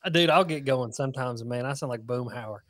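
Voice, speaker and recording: A man's voice: mid-range voice, a little fast, fairly bright tone, dry recording, studio quality. A man with a Southern US accent, a guest on a podcast, chatting and joking in a rambling way. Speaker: guest, fishing content creator. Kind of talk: casual interview chat.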